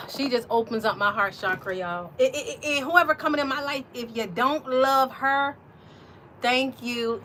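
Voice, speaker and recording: A woman's voice: on the high side, moderate pace, background noise. A woman, talking casually and rambling to her viewers with many fillers and restarts, as an intuitive reader. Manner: chatty, warm-hearted, rambling with fillers and restarts. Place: outdoors on a porch.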